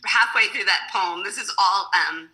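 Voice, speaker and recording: A woman poet reading her poems in a measured, deliberate way, with chatty, laughing asides between them, over a video call. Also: medium pitch, sharp tone, low-quality recording. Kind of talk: poetry reading with casual asides.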